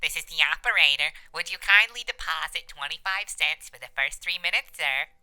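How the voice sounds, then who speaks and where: A man's voice: a little high, lively intonation, a little fast, noisy background. A man voicing a prim, formal telephone operator.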